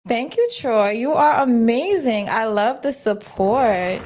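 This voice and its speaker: A woman's voice: a little high, lively intonation, slow, darkish tone. A woman hosting a casual livestream, talking bluntly with plenty of swearing and restarting her sentences as she goes. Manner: blunt and profane, with frequent restarts. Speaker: host.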